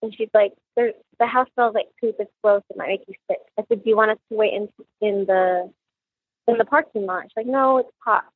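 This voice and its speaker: A woman's voice: mid-range voice, fairly even intonation, breathy edge, no echo. Middle-aged woman on a tinny phone line. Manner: halting, with many restarts and quoted dialogue. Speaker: mother of the victim, recounting events. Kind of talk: personal recollection interview.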